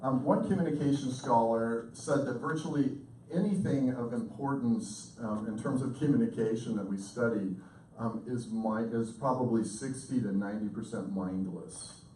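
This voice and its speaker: A man in his fifties, a communication professor, lecturing with lively, intense storytelling and acted-out quotes. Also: mid-range voice, normal speed, a little hiss or hum. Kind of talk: lecture to an audience. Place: lecture hall. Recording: echoey hall recorded from far off.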